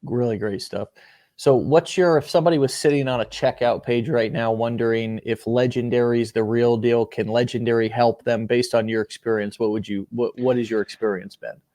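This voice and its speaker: A man's voice: medium pitch, steady tone, normal speed, mellow, dry recording, clean studio sound. A man hosting a podcast, talking in a rambling, earnest motivational way with many repeated words. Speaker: podcast host. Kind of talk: casual motivational chat.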